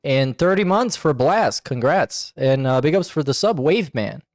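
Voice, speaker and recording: A man's voice: on the high side, lively intonation, a little slow, no room sound, clean studio sound. A man streaming live, thanking members and mocking a video he is watching with sarcastic running commentary.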